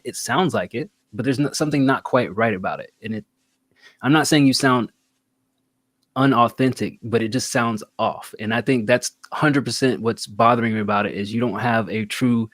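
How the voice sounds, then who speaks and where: A man's voice: medium pitch, no echo. A man giving casual, blunt spoken feedback on a song, rambling and repeating himself. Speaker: music reviewer. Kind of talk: casual review chat.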